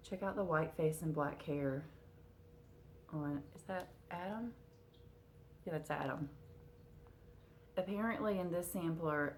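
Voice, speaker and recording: A woman with a low voice chats casually to her camera at home, her talk full of fillers. She has the hiccups now and then. Faint noise hums under the recording. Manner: chatty, with frequent fillers. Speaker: cross-stitch vlogger.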